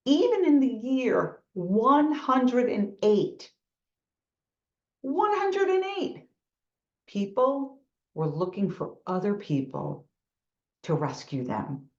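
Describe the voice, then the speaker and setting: A woman's voice: fairly high pitch, darkish tone. A middle-aged woman from New York with a New York accent, giving a motivational talk and acting out quoted thoughts as she tells stories. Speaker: motivational speaker. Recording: echoey room, dull lo-fi sound.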